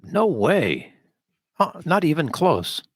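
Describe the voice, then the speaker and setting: A man's voice: fairly high pitch, huge pitch swings, takes it slowly, no room sound, clean studio sound. A man co-hosting a podcast who answers in short, terse words of agreement. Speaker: podcast co-host. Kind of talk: brief replies in casual chat.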